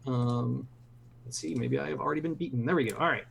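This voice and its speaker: A man's voice: medium pitch, fast talker, creaky, a bit bright, a little hiss or hum. A young man playing a tabletop game, hesitant at times and then describing his character's actions vividly. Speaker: player. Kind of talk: tabletop role-play chat.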